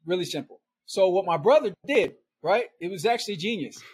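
In casual podcast chat, a middle-aged guest rolls out a long, rambling tale, laughing often and dropping "right?" and "man" at the ends of lines. He talks fairly quickly and expressively in a high-pitched voice that's darkish in tone and slightly rough.

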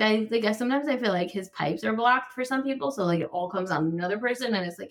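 A woman's voice: mid-range voice, fast talker, few pauses. An American woman telling a personal story candidly and emotionally, with many fillers like "like" and sudden raised-voice bursts when she recounts her anger. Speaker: podcast guest.

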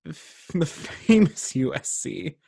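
A young man from Virginia co-hosting a casual podcast chat, making sarcastic, quick comic asides. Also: a little high, very animated, creaky, dark tone, husky. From Virginia, USA. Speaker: podcast co-host.

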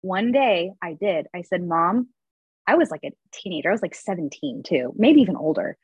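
A woman's voice: fairly low pitch, sing-song, normal speed, darkish tone, husky, dry recording, lo-fi sound. A woman in her thirties, a podcast guest, openly telling a personal story in a confessional, conversational way. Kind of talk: candid personal storytelling in an interview.

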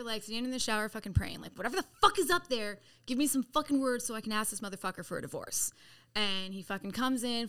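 A middle-aged woman spills a chaotic life story with swearing in nearly every sentence. Her voice is bright and sits a little high. She talks bluntly and animatedly, like she is among friends on a podcast. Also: clear, resonant tone. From San Diego, California. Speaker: podcast guest. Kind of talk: casual storytelling.

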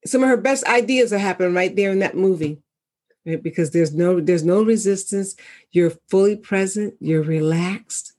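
A woman in casual conversation, speaking reflectively and with animated storytelling as a wellness coach. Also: mid-range voice, normal speed.

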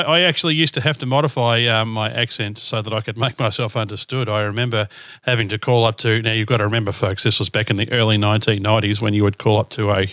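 A man's voice: fairly low pitch, a bit bright, no echo, clean studio sound. A man from southern Australia with an Australian accent, co-hosting a podcast in casual chat, laughing often and using many fillers. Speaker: podcast co-host.

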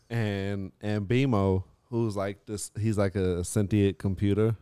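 A man's voice: lowish voice, dark tone, smooth. Rambling, laughing male podcast co-host. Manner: rambling, laughs a lot, sings songs. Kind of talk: casual chat, crude banter.

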